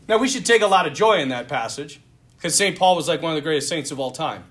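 A young male priest preaching a sermon in an animated, self-deprecating way, often laughing at himself. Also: fairly high pitch, quick pace.

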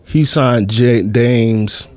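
A man's voice: medium pitch, drawn-out words, darkish tone. A middle-aged man from New City, telling stories in a casual interview, rambling and leaning on fillers. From New York City. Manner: laid-back, rambling, many fillers. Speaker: guest.

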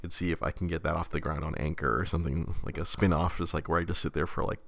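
Young male podcast co-host, very low gravelly voice, loose rambling chat with restarts. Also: fairly even intonation, fast, a bit bright, dry recording. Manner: rambling with many restarts and fillers. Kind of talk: casual chat.

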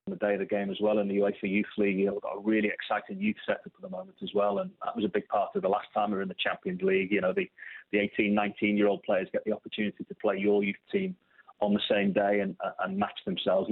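A man's voice: lowish voice, very animated, very fast, vocal fry, slightly rough. A man, a phone-in guest on a casual radio interview, rambling and repeating words as he goes. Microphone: telephone. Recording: tinny phone line.

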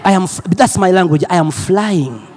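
Loud and energetic, a male Ugandan preacher's sermon repeats phrases and invites call and response from the congregation. He speaks in a high pitch at a moderate pace.

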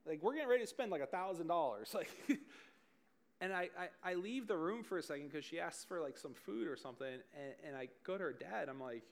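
A man in his thirties preaching a casual sermon to a group, telling stories in a chatty, animated way and often laughing at himself. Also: a little high, fairly quick. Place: church service in front of a group.

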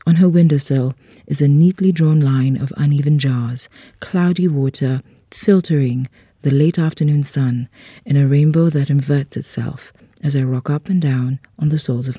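Gravelly, dark-voiced story reader. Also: mid-range voice, no room sound, studio quality. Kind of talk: reading a literary short story aloud.

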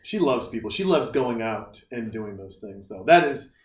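A man's voice: lowish voice, moderate pace, crowd noise. A man co-hosting a casual podcast chat, telling stories animatedly and acting out what people said. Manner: animated storytelling, acts out quotes. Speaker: podcast co-host. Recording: echoey room, distant mic.

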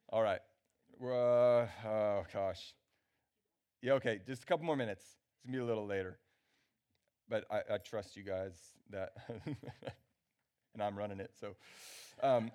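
A man's voice: lowish voice, steady tone, unhurried, pauses often, a little mellow, clean tone. A man preaching a sermon as pastor, talking casually and checking in with the congregation. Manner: conversational, checks in with the crowd. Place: church gathering.

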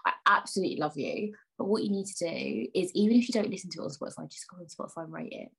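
Husky and fairly low, this young podcaster talks very fast with vocal fry and huge swings in pitch. Alone at the mic, she rambles in a playfully indignant way and now and then drops to an almost-whispered aside.

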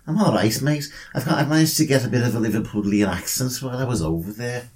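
A man's voice: mid-range voice, fast, a little mellow. A man co-hosting a podcast in casual, rambling banter, joking and swearing freely. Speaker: podcast co-host. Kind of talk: casual banter over drinks.

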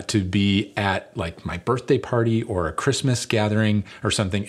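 A middle-aged male lead pastor delivering a conversational sermon, telling stories with fillers and self-deprecating humor. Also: lowish voice.

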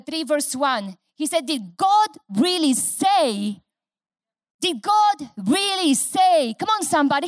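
A woman's voice: sits high, no room sound, clean studio sound. A middle-aged woman pastor with a non-native English accent, preaching an impassioned sermon and repeating phrases for emphasis.

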